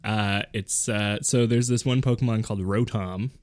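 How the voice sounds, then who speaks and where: A man's voice: lowish voice, fairly even intonation, moderate pace. A man co-hosting a podcast, teasing the others in casual chat. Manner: teasing, mock announcer bits. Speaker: podcast co-host. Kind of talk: casual banter.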